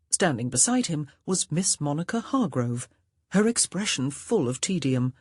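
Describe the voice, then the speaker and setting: A woman reads a historical romance in measured, expressive narration. Her voice is low and husky, with a lively, animated range. It sounds close and dry, with no room around it. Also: no room sound. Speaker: audiobook narrator. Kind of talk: scripted narration of a romance novel.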